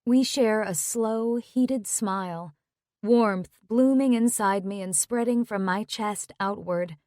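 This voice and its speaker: A young woman narrating a romance audiobook in first person, slow and intimate. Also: medium pitch, mellow, dry recording, studio quality.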